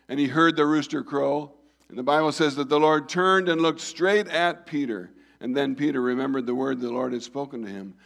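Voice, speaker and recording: A man preaching a sermon, reading scripture and voicing the dialogue, rising loud then dropping soft. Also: mid-range voice. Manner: reads scripture and acts out the dialogue, swells and drops in volume.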